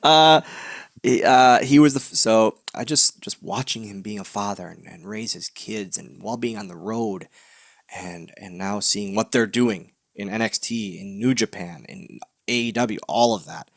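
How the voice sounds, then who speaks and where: A man's voice: fairly low pitch, dry recording, clean studio sound. A man in his late thirties, an interview guest, telling a candid, heartfelt story and acting out what others said. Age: 30s. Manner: heartfelt, animated retelling with laughs and acted-out quotes. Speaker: interview guest, wrestler and author.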